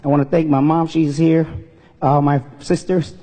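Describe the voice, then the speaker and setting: A comedian giving an earnest, emotional storytelling speech on a stage. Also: male voice, a little high, flat delivery, normal speed, mellow. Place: stage in a hall. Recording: long reverb in a hall.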